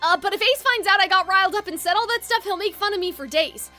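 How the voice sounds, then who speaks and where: A woman's voice: extremely high pitch, fast, bright, forceful tone, faint music behind. Eager freshman boy, plainspoken, a little hotheaded, woman voicing.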